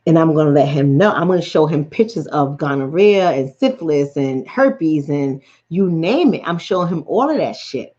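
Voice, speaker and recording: Middle-aged bronx woman w/ new york accent, low-ish voice, cussing and blunt, kinda muffled lo-fi sound. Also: normal speed, few pauses. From the Bronx, New York City. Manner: blunt, profane, animated storytelling. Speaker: relationship coach and host. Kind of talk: late-night livestream chat. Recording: dull lo-fi sound.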